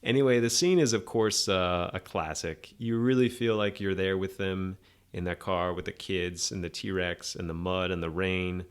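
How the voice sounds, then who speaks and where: Opinionated man with a low voice. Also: normal speed, clear, resonant tone. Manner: opinionated, rambling, sarcastic. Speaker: podcast host. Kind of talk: casual movie review monologue.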